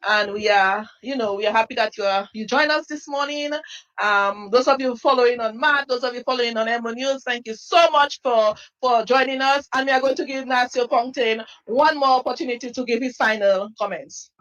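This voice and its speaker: A woman's voice: fairly high pitch, fairly quick, fairly bright tone, highs cut off. Polite woman field reporter. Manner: polite, formal sign-off phrasing. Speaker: news reporter. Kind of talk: field news interview.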